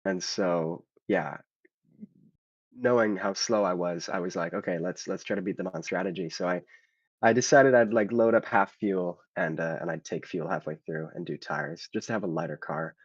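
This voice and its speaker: A man's voice: deep voice, moderate pace, breathy edge, no echo, highs cut off. A man who drove the race, explaining his strategy in a hesitant way, with many ums and likes. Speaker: race driver being interviewed. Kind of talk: casual interview answers.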